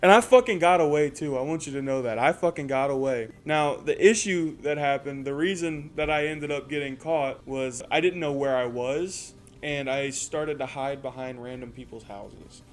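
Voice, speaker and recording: A man's voice: mid-range voice, normal speed, hardly any pauses. A man in his twenties telling a casual, profane story with lots of energy. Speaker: storyteller host.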